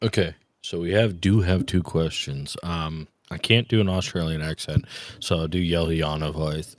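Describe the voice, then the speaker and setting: Low, lively male co-host, profane banter, dry close mic. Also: moderate pace, no room sound. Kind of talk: casual live-stream banter.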